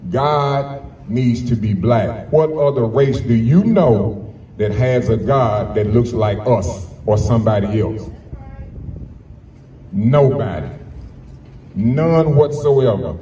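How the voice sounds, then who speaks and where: A man's voice: mid-range voice, warm tone. A man giving an impassioned rally speech, emphatic and repeating his points, recorded from a distance with echo and background noise. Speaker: rally speaker. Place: public rally. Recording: echoey, distant, noisy outdoor rally recording.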